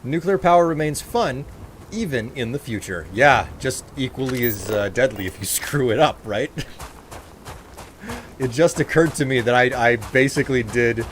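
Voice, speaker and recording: A man's voice: mid-range voice, lively intonation, normal speed, slight background noise. A man streaming a game, giving casual, sarcastic commentary and poking fun at himself. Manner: sarcastic, joking, self-mocking.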